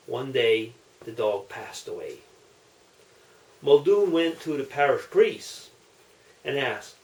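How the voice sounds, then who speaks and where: Casting: slow, lively-pitched joke teller, echoey room, mic at a distance. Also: male voice. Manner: chatty, unhurried, self-commenting. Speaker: vlogger telling jokes. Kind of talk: casual joke telling.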